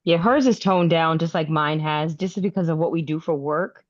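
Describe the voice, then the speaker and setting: Lower-voiced woman on dull, dry audio. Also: normal speed, dry recording. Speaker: guest on a sewing live stream. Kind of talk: casual chat.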